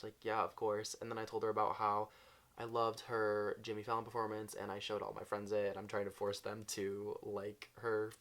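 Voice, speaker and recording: A young man telling a storytime vlog, bubbly and gushing, with "like" in nearly every line. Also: lowish voice. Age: young adult. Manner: bubbly, gushing, says "like" constantly. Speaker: vlogger.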